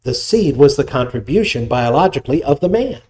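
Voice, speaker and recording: Male pastor, mellow tone, conversational sermon delivery. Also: medium pitch, sing-song, fairly quick. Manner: explanatory, conversational preaching with restarts.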